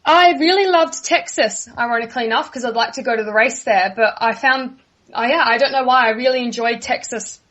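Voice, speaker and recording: A woman's voice: a little high, fairly quick, fairly bright tone. Friendly young Australian woman, lo-fi. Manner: friendly, laughs easily. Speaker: guest. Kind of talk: casual interview answers.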